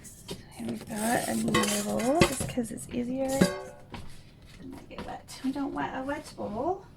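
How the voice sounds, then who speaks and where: A woman hosting a chatty step-by-step craft tutorial at home at night, talking softly and half-whispering because others are asleep, with easygoing asides as she works. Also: on the high side, slow pace, creaky, over loud music. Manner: hushed, half-whispered while others sleep. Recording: noisy home recording with clicks.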